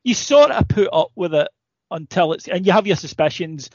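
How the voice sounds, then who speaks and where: A man's voice: high voice, animated, normal speed, no echo. Scottish man, dry lo-fi podcast sound. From Ayrshire, Scotland. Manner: chatty, rambling, wry asides. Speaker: podcast co-host. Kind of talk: casual chat.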